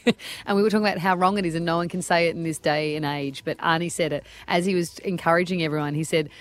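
A woman's voice: fairly low pitch, steady tone, fast. A woman co-hosting radio, laughing and self-deprecating. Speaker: radio co-host. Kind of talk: breakfast radio banter.

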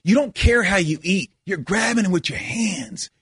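Emphatic former player, high voice. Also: male voice, expressive, normal speed, a bit bright, breathy edge, no room sound. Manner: emphatic, repeats himself, restarts often. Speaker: former basketball player turned analyst. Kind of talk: animated sports talk banter.

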